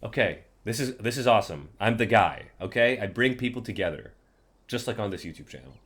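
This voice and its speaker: A man's voice: lowish voice, expressive, brisk, a bit bright, husky. A man playing a story game, joking, swearing and reading the lines aloud. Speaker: gamer. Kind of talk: let's play commentary and reading.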